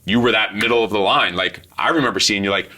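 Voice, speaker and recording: Fast-talking profane ex-Marine interviewer. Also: male voice, on the low side. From United States. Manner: profane, storytelling, fast and animated. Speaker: interviewer, former Marine instructor. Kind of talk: casual interview.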